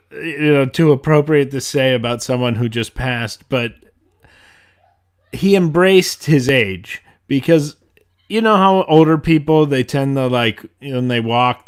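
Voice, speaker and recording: A man's voice: mid-range voice, unhurried, smooth. A man co-hosting a podcast, telling jokes and wisecracks in casual chat. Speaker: podcast co-host, comedian.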